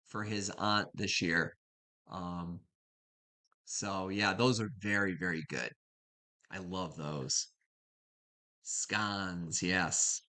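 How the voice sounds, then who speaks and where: Bright-voiced chatty woman host. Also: extremely low pitch. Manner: chatty, rambling, greets viewers by name. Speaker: live stream host. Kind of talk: casual chat with live viewers. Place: home kitchen.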